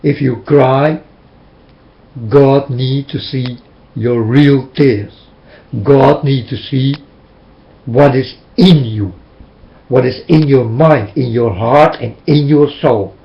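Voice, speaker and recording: A man whose first language is Dutch addresses viewers directly in a fervent, preachy religious monologue to his webcam. He speaks slowly at a medium pitch, creaky and with long pauses, through dull lo-fi webcam audio.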